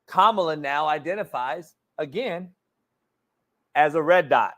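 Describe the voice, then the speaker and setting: A man's voice: on the high side, lively intonation, measured pace, pushed and bright. A man hosting a sports talk show, ranting in a brash, mocking way and swearing constantly. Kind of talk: profane casual rant.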